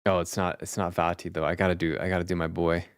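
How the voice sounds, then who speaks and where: A man's voice: deep voice, flat delivery, fast talker, clean tone, dry recording, studio quality. A male streamer chatting casually and thinking aloud, rambling with fillers. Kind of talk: casual chat.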